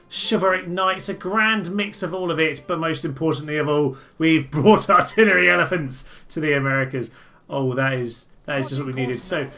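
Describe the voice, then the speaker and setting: A man's voice: a little high, bright, forceful tone. A man giving enthusiastic, jokey and rambling commentary as he plays a strategy game. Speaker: let's-play host. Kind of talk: gameplay commentary.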